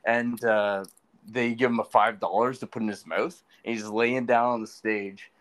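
A man's voice: on the low side, steady tone, moderate pace, fairly bright tone. A man in casual podcast chat telling a profane story, often checking in with "right?". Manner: profane, laughs easily, tags lines with "right?". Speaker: podcast co-host.

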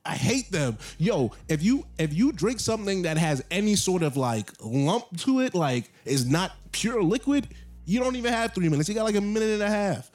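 A man's voice: high voice, sing-song, normal speed, darkish tone. A young man chatting casually on his podcast, joking and going off on rambling rants about his pet peeves. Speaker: podcast co-host. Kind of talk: casual chat.

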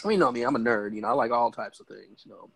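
A man co-hosting a podcast, chatting casually with friends, quick to laugh and slip into funny voices. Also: mid-range voice, lively intonation, vocal fry, a crowd in the background, low-quality recording. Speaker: podcast co-host. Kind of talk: casual chat.

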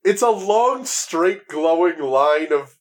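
A man's voice: fairly high pitch, expressive, slow pace. A man co-hosting a casual podcast chat, describing pictures with playful comparisons. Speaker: podcast co-host.

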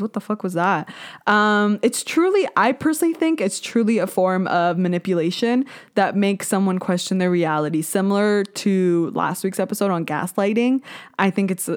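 Animated, candid young woman podcaster. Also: medium pitch. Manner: candid, animated and swearing, with sudden bursts of loud emphasis; talks to listeners directly, with many "like" and "um" fillers. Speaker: podcast host. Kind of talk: solo podcast monologue.

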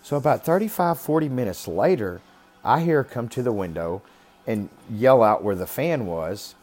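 A man's voice: mid-range voice, expressive, normal speed, a little mellow. A man casually telling a personal story in a blunt, rambling way, swearing constantly. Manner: talks about being raised rough.

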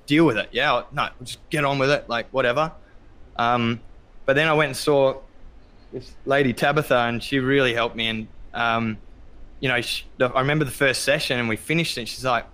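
As a podcast guest, a man tells stories candidly and reflectively in a bright, forward, medium-pitched voice with a steady tone. He pauses on plenty of ums and breaks into loud, acted-out quotes.

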